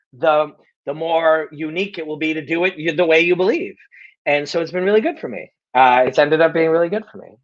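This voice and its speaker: Blunt, cursing host on lo-fi audio. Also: male voice, a little high. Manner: blunt, emphatic, curses freely, restates points. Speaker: host of a live Q&A show. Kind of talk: casual live Q&A monologue.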